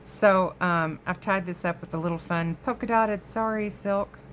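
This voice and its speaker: A woman's voice: mid-range voice, normal speed, a little hiss or hum. A woman hosting a crafting vlog from her home craft room, chatting casually to viewers and easily sidetracked. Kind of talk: casual show-and-tell chat.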